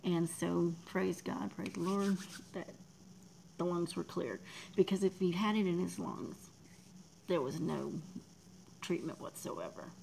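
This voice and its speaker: A woman, chatting casually on a livestream, emotional and soft, often dropping to a near whisper as she thanks viewers in chat. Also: on the low side, measured pace, gravelly, pauses often, slight background noise, poor audio. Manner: emotional, talks softly, drops to near whispers. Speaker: livestream host.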